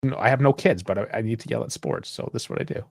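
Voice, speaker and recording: A man's voice: mid-range voice, fast talker, creaky, no echo, clean studio sound. A man hosting a podcast in casual chat, teasing his co-host with crude jokes. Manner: teasing, crude banter, laughs often.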